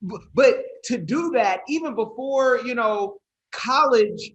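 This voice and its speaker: High-voiced casual podcast host man. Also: animated. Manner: casual, halting, drawn-out questions. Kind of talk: conversational interview questions.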